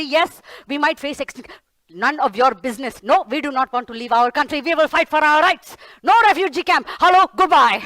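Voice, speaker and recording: Brief: bumbling hunter with an Indian English lilt, fussy and repetitive, high and dry, a woman in a stage play. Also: fairly bright tone, no room sound. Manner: fussy, rambling, repeats herself. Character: blustering bumbling hunter with pet Momo. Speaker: solo stage performer.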